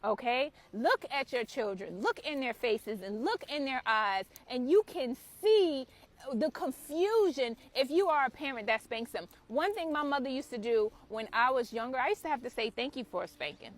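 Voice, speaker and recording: A woman's voice: high-pitched, animated, normal speed. A woman hosting her own spiritual channel, giving an impassioned, preachy talk to camera and swearing freely. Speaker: spiritual author and channel host.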